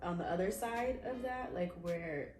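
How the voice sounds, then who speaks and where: A young woman hosting a casual storytime chat, chatty with quick reactions and fillers. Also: fairly low pitch. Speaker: host. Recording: echoey room.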